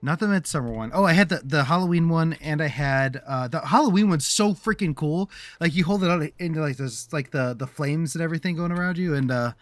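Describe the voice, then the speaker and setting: A man's voice: fairly high pitch, a little fast, hardly any pauses, no echo. A man livestreaming a game and chatting to his viewers in a rambling, casual way, restarting his sentences often. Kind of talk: casual gameplay commentary.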